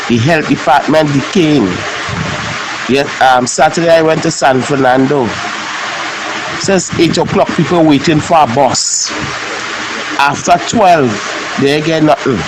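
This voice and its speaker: A man's voice: fairly high pitch, unhurried, pauses often, background noise. A man with a Trinidadian accent complaining in an exasperated voice note to a talk show. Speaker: caller.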